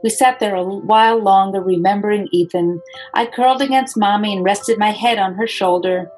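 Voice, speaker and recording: A woman, the author, reading her children's picture book aloud in a gentle, expressive storytelling voice. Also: mid-range voice, moderate pace, soft background music, rough recording.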